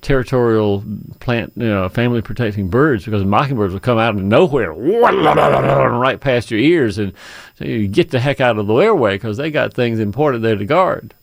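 A man's voice: medium pitch, fairly quick, dry recording. A man hosting a gardening call-in radio show, telling travel stories in a folksy, chatty way and laughing often. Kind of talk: casual radio chat. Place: radio studio.

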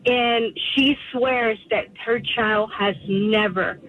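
A woman's voice: fairly high pitch, fairly even intonation, slow, a crowd in the background. Woman caller on a tinny phone line. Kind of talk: casual chat on a call.

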